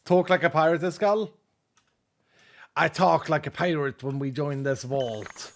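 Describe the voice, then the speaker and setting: A man's voice: a little high, a little slow. A man chatting casually and tiredly to viewers while streaming a game, joking and thinking aloud. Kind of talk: casual gaming livestream chat.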